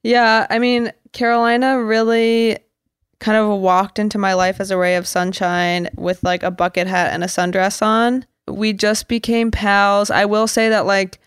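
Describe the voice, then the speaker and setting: A woman's voice: mid-range voice, little pitch movement, smooth, no echo, clean studio sound. Playful young woman co-hosting a podcast. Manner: playful, jokey, quick to act out silly voices. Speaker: podcast co-host. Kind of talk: casual chat.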